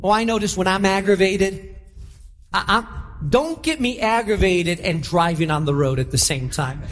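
Pastor, male, animated preacher who acts out quoted voices, high voice, long church reverb. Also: moderate pace. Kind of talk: sermon.

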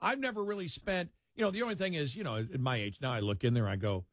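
An older man hosts a late-night radio talk show in a dry, close-miked booth. He chats casually and gets animated, jumping high in pitch when he mocks the voices he quotes. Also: quick pace, no room sound. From New York.

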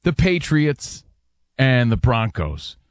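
A man hosting a sports talk show who steers the segment through its list. His pitch moves a lot as he talks. The sound is dry and close to the mic. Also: big pitch swings, slow, dry recording. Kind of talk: lively sports radio banter.

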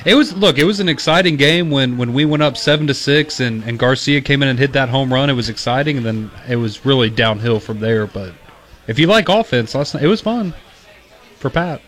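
A man's voice: mid-range voice, animated, brisk, fairly bright tone. A man joining casual radio banter with a dry, teasing manner.

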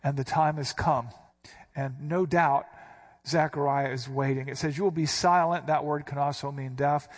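A man's voice: mid-range voice, little pitch movement, moderate pace. A man preaching a sermon, explaining scripture with emphatic, dramatic inflections. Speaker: pastor.

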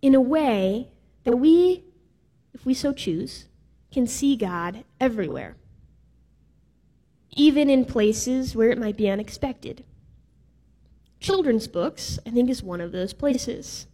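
A woman's voice: fairly high pitch, lively intonation, slow, warm tone. A woman preaching a sermon in a casual, playful way with some filler words. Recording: reverberant hall.

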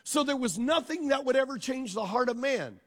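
A man with a drawl preaches in a very high, strained register, pressing his points and checking in with the congregation. His voice carries a long reverb, the sound of a large sanctuary. He is emphatic and direct. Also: lively intonation, normal speed. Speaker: pastor. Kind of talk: sermon. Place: church sanctuary.

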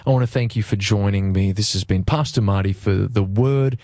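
A man preaching as a pastor, then leading a prayer, in an earnest, gentle way with slow emphatic phrases. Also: on the low side, dry recording, studio quality. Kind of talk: sermon and prayer.

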